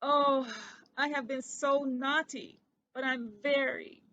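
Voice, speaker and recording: A woman voicing a timid, guilty little boy mouse who squeaks tearfully and apologizes. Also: little pitch movement, slow pace, bright, forceful tone, no echo, dull audio, heavily acted. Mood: remorseful.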